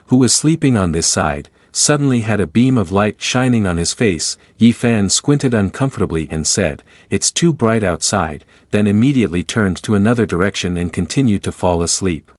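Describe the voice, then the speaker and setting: A man reading a scripted recap of a fantasy comic in a steady storytelling manner. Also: fairly low pitch, no echo, clean studio sound. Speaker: recap narrator. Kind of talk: scripted narration.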